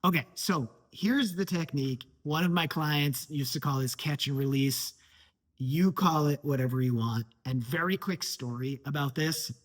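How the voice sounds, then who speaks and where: A man's voice: on the high side, moderate pace. A man giving an earnest motivational talk as a life coach, stressing points by repetition.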